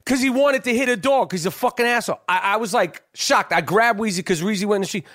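Animated, cursing man telling a story. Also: high voice, quick pace. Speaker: podcast host. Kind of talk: casual podcast chat.

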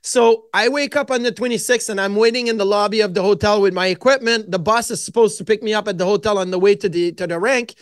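A man, a podcast guest telling lively anecdotes with frequent restarts. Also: sits high, fast talker, few pauses, no echo, clean studio sound. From Quebec, Canada. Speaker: guest, former goaltender. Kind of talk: casual storytelling interview.

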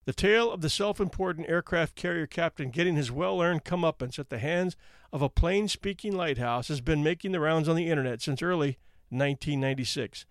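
A man's voice: a little high, dry recording, studio quality. A man hosting a podcast, narrating stories in a wry, conversational reading style. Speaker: podcast host. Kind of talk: storytelling narration.

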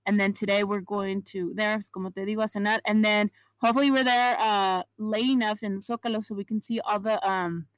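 Brief: woman co-host, relaxed bilingual chat, mid pitch, dry close mic. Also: brisk, few pauses, no echo, poor audio. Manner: mixes Spanish and English mid-sentence. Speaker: podcast co-host. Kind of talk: casual chat.

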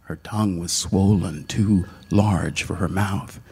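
A man narrating a literary short story in a hushed, dramatic manner. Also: sits low, fairly even intonation, takes it slowly, gravelly, husky.

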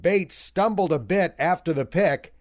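A man reading a scripted football recap in a wry, expressive way. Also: high voice, measured pace, a little hiss or hum. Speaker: recap narrator. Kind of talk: scripted sports recap narration.

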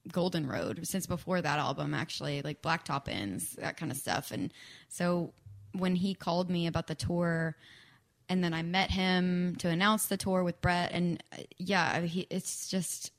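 A woman's voice: lowish voice, fairly even intonation, measured pace, creaky. A young woman chatting casually as a guest, with lots of fillers and acted-out quotes. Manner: chatty, frequent fillers and laughs, acts out quoted speech. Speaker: guest songwriter. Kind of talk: casual chat.

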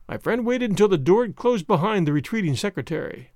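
A man narrating an audiobook in an expressive, storytelling way. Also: sits high, fast, no room sound, clean studio sound.

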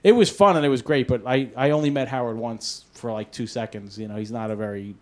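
A man recounts a long story in a relaxed interview chat. He talks in an animated, loose way, swears without a second thought and acts out the lines of the people he mentions. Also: medium pitch, quick pace. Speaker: podcast network founder being interviewed.

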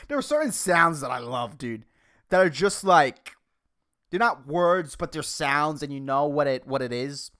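A woman hosting a solo podcast, ranting sarcastically and swearing freely, and talking fast by her own account. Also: on the low side, expressive, a bit bright. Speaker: podcast host.

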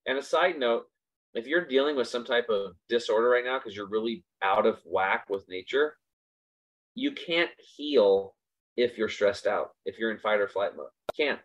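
A male host delivers a casual motivational talk in an emphatic way, driving each point home by repeating it. His voice sits at an ordinary pitch for a man. The recording sounds a bit dull and lo-fi. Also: expressive, moderate pace.

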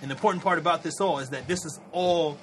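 Fast, bright-voiced man in casual chat. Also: a little high, slight background noise, poor audio. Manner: animated, profane, repeats "you know what I'm saying". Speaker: podcast co-host.

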